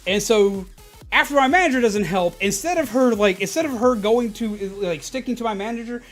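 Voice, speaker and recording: A man with a fairly high voice chats casually on a stream. He tells an animated, meandering story full of restarts, with faint music behind him. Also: a little fast. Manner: animated, rambling, frequent restarts.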